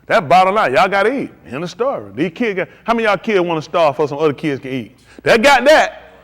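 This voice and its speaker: A man's voice: high-pitched, sing-song, fast talker, fairly bright tone. A man preaching a live-streamed sermon to his congregation, emphatic and repetitive, hammering short punchy declarations. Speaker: pastor.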